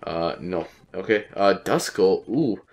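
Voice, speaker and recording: A young man rambles through his gameplay commentary in a low, deep voice, stuffed up and congested from a cold. He talks offhandedly and swears casually as he plays. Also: animated, slow pace. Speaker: let's play commentator.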